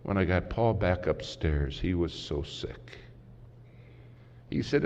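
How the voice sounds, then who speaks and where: A man preaching a sermon as a story, dramatic and swinging from loud to hushed, recorded in a large conference hall. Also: sits low, animated, takes it slowly. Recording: muffled hall recording with faint hiss.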